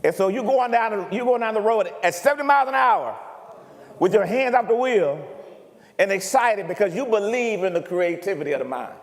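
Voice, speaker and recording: High-voiced preacher in a reverberant hall. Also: male voice, a little fast, gravelly. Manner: animated preaching, asks the congregation if he makes sense. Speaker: pastor. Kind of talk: sermon. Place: church sanctuary.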